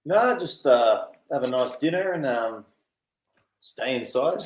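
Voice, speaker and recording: A man's voice: mid-range voice, animated, slow pace, reverberant, low-quality recording. A man with an Australian accent, joking in casual chat, full of slang and swearing. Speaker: co-host.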